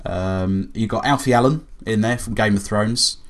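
A man, casually retelling a film's plot to a co-host, animated, laughing often and swearing freely. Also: fairly low pitch, moderate pace. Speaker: podcast co-host reviewing a film. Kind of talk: casual chat.

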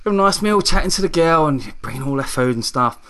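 A man's voice: a little high, brisk. A man co-hosting a casual chat, telling an embarrassing story with lots of laughter and mimicked voices. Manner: animated, laughing anecdote-telling with mimicked quotes. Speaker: podcast co-host.

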